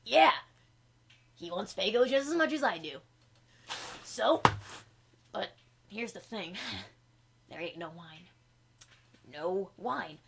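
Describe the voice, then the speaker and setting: A woman's voice: mid-range voice, lively intonation, takes it slowly, gravelly, long pauses, noisy background. A woman playing a laid-back male troll clown, recapping a film in slangy, profane rambling. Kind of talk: in-character comedy recap.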